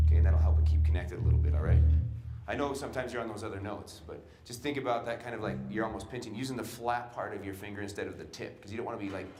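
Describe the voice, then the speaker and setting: A man coaching a student jazz band in a large concert hall, giving brisk instructions and scatting the rhythms he wants. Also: on the low side, warm tone. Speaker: jazz clinician. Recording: roomy hall with band behind.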